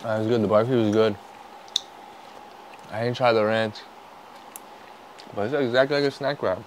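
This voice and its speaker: A young man, a vlogger, in casual food-tasting chat, swearing constantly, joking and breaking into loud outbursts. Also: fairly low pitch, steady tone, normal speed, slight background noise, low-quality recording.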